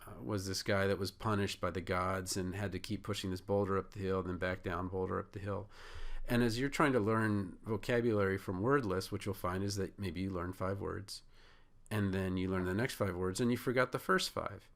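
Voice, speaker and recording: Young male tutor, casual vlog-style lesson, low and gravelly, filler-heavy delivery. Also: moderate pace. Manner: relaxed, many "uh" fillers, acts out inner thoughts. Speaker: test-prep tutor. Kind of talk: casual instructional talk.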